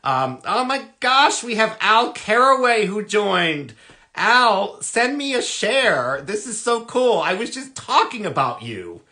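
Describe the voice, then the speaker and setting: A man hosting a casual phone livestream, excitable and gushing as he rambles on. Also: sits high, slow pace. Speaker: livestream host.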